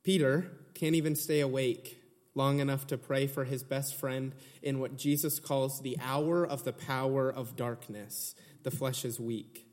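A male preacher delivers an earnest sermon. His mid-pitched voice rises to emphatic retellings. The long reverb of a church hall trails each phrase. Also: steady tone, a little slow, darkish tone.

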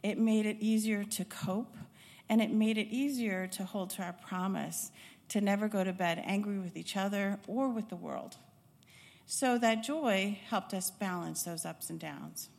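A woman's voice: mid-range voice, creaky, a little mellow. Middle-aged woman telling her life story in a reverberant hall. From Chicago, United States. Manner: reflective, unhurried storytelling with frequent hesitations. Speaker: former pediatric nurse and nursing instructor. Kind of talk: personal life-story talk.

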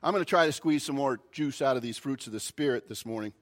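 A male pastor preaching a sermon, opening with a folksy, animated story. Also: medium pitch, quick pace.

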